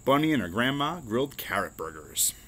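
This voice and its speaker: A man reading a children's picture book aloud in an expressive storytelling manner. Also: medium pitch, a little fast, a little hiss or hum. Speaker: reader.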